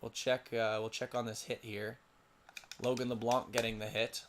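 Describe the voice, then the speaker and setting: A man's voice: mid-range voice, level tone, normal speed, a little hiss or hum. A young man doing casual solo play-by-play for a simulated lacrosse game, stumbling over player names and muttering asides to himself.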